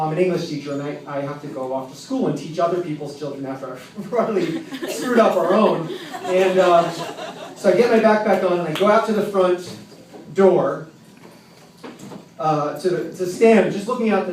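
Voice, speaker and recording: A man telling a personal story live at an open mic in a tavern, with a wry, self-mocking, halting delivery. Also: on the high side. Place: tavern with an audience. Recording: roomy, distant, faint background noise.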